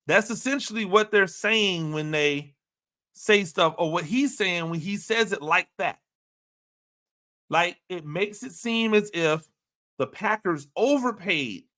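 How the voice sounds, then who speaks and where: A man's voice: high voice, bright, forceful tone. A man giving opinionated sports commentary, talking emphatically and repeating himself with rhetorical questions.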